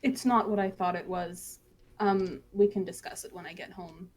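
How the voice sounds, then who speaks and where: A woman voicing an orderly, businesslike woman clerk, speaking in a calm, matter-of-fact way. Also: fairly low pitch, normal speed, close to an everyday voice.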